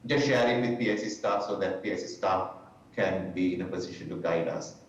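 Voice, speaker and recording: A man with a fairly low voice chairs a public hearing, putting his questions slowly and deliberately. He sits well back from the mic in a very echoey room, and the sound is dull and muffled. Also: far from the mic. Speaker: commission chair.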